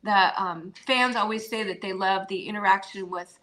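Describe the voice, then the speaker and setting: A woman's voice: medium pitch, fairly even intonation, moderate pace, rough recording. An older woman, an actress, chatting as an interview guest from her home over a video call, with frequent fillers and easy laughter. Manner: warm, chatty, laughs often, trails off with fillers. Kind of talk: casual interview chat. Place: home with pets around.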